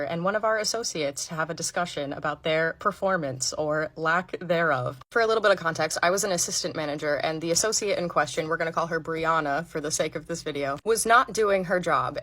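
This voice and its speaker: A woman's voice: mid-range voice, bright, forceful tone. Candid young woman telling a work story. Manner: candid, wry, rambling. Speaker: comedy content creator. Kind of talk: casual storytelling to camera.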